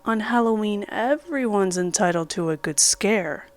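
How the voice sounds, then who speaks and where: A woman voicing a young man, a calm and menacing psychopath, speaking in a mocking tone in a horror story. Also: medium pitch, a little slow, natural voice. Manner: mocking, then trembling.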